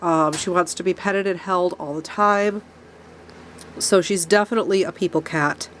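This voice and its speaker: A woman's voice: on the low side, fairly even intonation, moderate pace, a little hiss or hum. A woman with a stuffy nose from a cold, ranting angrily to camera about a problem while her pets are close by. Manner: angry ranting, speaks of her own angry tone. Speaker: rabbit keeper vlogger. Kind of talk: casual talk to camera. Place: rabbit barn with pets nearby.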